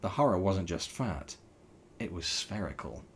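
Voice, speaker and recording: A man reading a novel aloud in a wry, animated storytelling style. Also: deep voice, measured pace, slightly rough.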